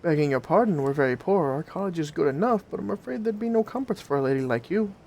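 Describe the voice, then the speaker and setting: A man's voice: fairly high pitch, expressive, quick pace, creaky, a little mellow, slight background noise. A man voicing a poor, humble old bamboo cutter in a told story, with old-fashioned country speech.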